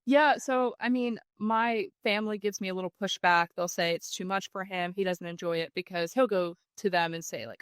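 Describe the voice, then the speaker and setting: A woman, a podcast guest telling a hunting story in a casual, animated way. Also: lowish voice, brisk, few pauses, clean tone, no echo.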